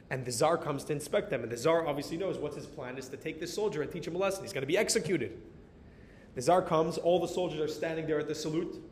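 An American man telling a story in a sermon as a Torah teacher, animated and dropping in Hebrew and Yiddish words. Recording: reverberant hall with faint rumble.

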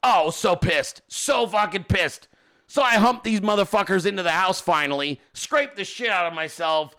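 A man with a high, bright, forceful voice tells a story as a podcast host. He is animated and exasperated, and he curses heavily as he rants. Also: moderate pace. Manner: animated, exasperated, heavy cursing. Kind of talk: profane storytelling rant.

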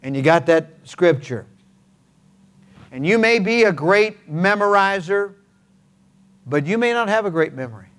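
A man's voice: high-pitched, lively intonation, measured pace, pauses often, a bit bright. A man preaching a sermon as pastor, in a folksy, conversational way with homespun examples and playful sound words. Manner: frequent hesitant fillers and restarts.

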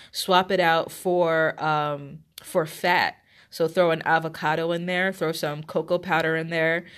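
Stuffy-nosed woman giving casual health advice. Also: low voice. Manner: loose and chatty, many fillers and restarts; direct, addresses viewers as guys and ladies. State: stuffy, congested nose. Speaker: health coach. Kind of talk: casual advice talk to camera.

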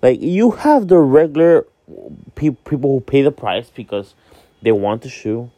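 A man's voice: medium pitch, sing-song, unhurried, mellow, no room sound. Candid young man rambling, dry sound. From Miami, Florida. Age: 20s. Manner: rambling, candid, swears freely, many fillers. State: sleepy, yawning. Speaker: vlog host. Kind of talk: casual monologue.

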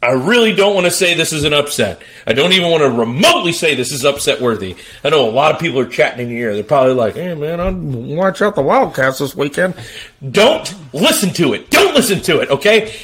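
Hyped-up high-voiced man hosting. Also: sing-song, fast, few pauses. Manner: hyped, theatrical, shouting bursts. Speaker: podcast host. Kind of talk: sports talk podcast.

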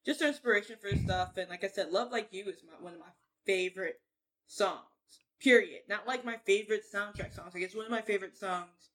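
Bright-voiced woman chatting earnestly. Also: medium pitch, a little fast, poor audio. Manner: earnest, emphatic storyteller. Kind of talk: casual chat.

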